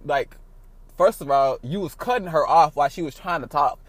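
A man hosting his own podcast, talking casually in a rambling, profane way with big swings in loudness. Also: fairly high pitch, lively intonation, normal speed, no room sound. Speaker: podcast host. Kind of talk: casual solo podcast monologue.

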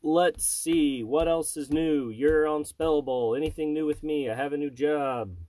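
A man's voice: fairly high pitch, measured pace, warm tone, no echo. A middle-aged man hosting a casual family podcast with his child, joking and rambling. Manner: joking, rambling, silly asides. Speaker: podcast host and father.

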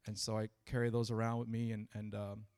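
A man preaching a sermon to a church gathering, talking in a halting way with many fillers, then building to fervent preaching. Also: fairly low pitch, monotone, a little mellow, clean tone.

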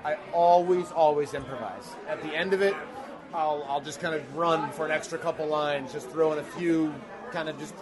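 A man's voice: a little high, steady tone, normal speed, a crowd in the background. A man in his thirties, a guest actor telling rambling, self-deprecating stories in a casual interview.

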